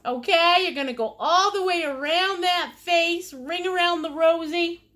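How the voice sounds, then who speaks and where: Giggly high-voiced woman teaching painting. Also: unhurried, sharp tone. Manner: silly, giggly, playful with made-up words; chats with viewers' comments while painting. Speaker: painting instructor. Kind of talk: live-streamed painting lesson.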